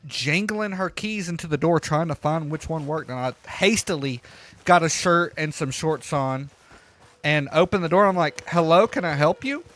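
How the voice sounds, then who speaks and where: A man casually telling a rambling, profane story while he plays a game, getting loud and heated as he retells it. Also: fairly high pitch, normal speed. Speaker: gaming streamer telling a story. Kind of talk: casual storytelling over gameplay.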